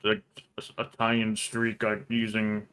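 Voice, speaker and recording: Guy on a stream call, low smooth voice, pretty flat, explains stuff carefully. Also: unhurried. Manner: precise and explanatory. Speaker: guest on a livestream. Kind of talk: casual chat. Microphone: video call.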